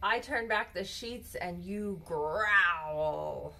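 A woman reading a children's bedtime story aloud in a gentle, expressive storybook manner. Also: lowish voice, extremely slow, vocal fry.

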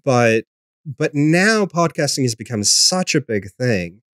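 A man in a mid-range voice talks easily about his podcasting years, loose and unhurried, full of ums and self-corrections. The sound is very dry and close to the mic, with no room around him. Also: mid-range voice, dry recording. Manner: relaxed, rambling, frequent ums and restarts. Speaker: podcast host being interviewed. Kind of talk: casual conversational interview.

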